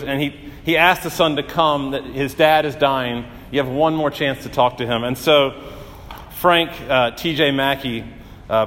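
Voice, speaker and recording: A male pastor delivering a sermon, telling stories earnestly with dramatic pauses and rising emphasis. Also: mid-range voice, fairly bright tone, big-room sound, a little hiss or hum.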